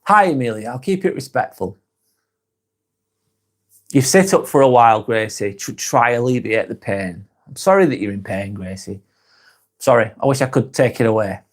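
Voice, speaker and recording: Reading viewers' comments aloud during a casual live stream, this man from England answers bluntly in a Lancashire accent, thinking out loud and cursing freely. His medium-pitched delivery is animated, at normal speed.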